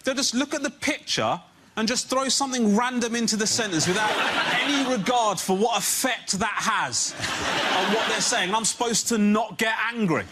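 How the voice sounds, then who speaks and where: A man on a comedy panel show, ranting in an exasperated stand-up style that rises to near shouting. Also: sits high, moderate pace, very noisy. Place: television studio with audience.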